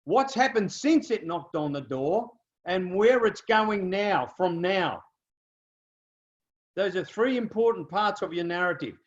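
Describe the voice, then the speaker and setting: A man's voice: high-pitched, measured pace, lo-fi sound. An Australian man giving a motivational training talk, telling stories animatedly and checking in with his listeners often. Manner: animated storyteller, acts out dialogue, keeps checking in with "okay?" and "right?". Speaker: business trainer.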